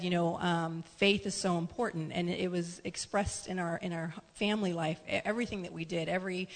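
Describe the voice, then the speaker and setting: A woman's voice: lowish voice, creaky. Chatty woman telling a story in a hall. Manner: chatty, rambling, many fillers and acted quotes. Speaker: wife telling a couple's story. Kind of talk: storytelling to an audience. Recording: reverberant hall.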